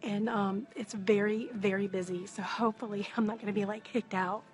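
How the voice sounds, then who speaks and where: A woman, live-streaming a shopping haul from a busy craft store and talking softly so she does not disturb other shoppers. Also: mid-range voice, steady tone, moderate pace, a little hiss or hum. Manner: hushed, chatty, greets viewers by name. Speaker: wreath maker and business coach.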